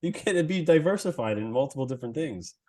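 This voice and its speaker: A young man co-hosting a sports podcast, excitable and swearing, laughing often as he talks. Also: a little high, fast talker. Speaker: podcast co-host.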